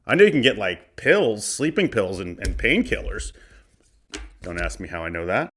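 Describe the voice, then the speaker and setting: A man's voice: lowish voice, big pitch swings, fairly quick, fairly bright tone, breathy edge. A man in his forties from Arizona hosting a podcast, riffing through a box of cards in a joking, profane, casual way. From Arizona, USA. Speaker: podcast host. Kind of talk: casual comedic card-opening commentary.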